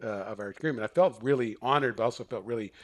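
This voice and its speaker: A man's voice: mid-range voice, racing. A middle-aged man, a counselor and podcast guest, telling a story conversationally, acting out quoted dialogue with many restarts and fillers. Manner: animated, acts out quoted dialogue.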